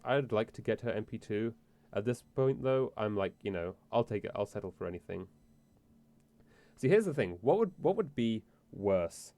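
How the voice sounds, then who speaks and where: A man's voice: lowish voice, creaky, darkish tone. A man streaming a game, chatting casually in a rambling, profane, self-interrupting way. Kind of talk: casual let's-play chat.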